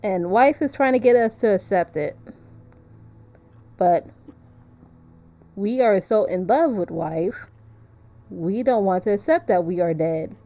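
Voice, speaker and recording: Slow-talking mellow woman streamer. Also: medium pitch, expressive, faint music behind. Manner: chatty, laughs often. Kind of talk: casual gameplay commentary.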